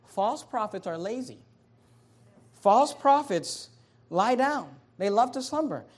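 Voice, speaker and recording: A male pastor preaching a sermon, slowing and rising on key phrases, with chatty asides and repeated verse references. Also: very high-pitched, lively intonation. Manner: emphatic preaching, slows and rises on key phrases.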